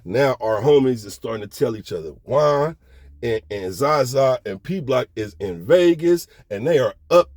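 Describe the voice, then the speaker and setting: A middle-aged man spins a casual story with loose, slangy energy and keeps asking if you follow him. His voice sits at an ordinary middle pitch. It is recorded close and dry, with no room sound. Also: normal speed, dry recording. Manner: animated, slangy, keeps checking in with the listener.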